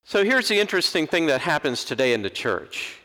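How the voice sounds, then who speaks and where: Animated preacher in a reverberant church. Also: male voice, a little high, a little fast. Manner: animated, acts out quoted voices. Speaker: Episcopal preacher. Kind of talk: sermon. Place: large church.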